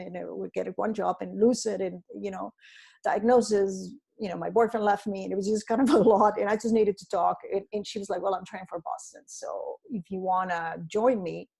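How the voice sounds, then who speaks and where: Husky-voiced middle-aged woman telling her story. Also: medium pitch. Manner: animated, rambling, quotes people in voices. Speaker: podcast guest. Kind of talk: casual storytelling interview.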